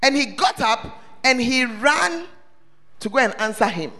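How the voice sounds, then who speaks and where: A man preaching a sermon, quizzing the congregation with questions and breaking into shouts. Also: very high voice, expressive, a little slow. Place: church service hall. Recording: long reverb of a large hall.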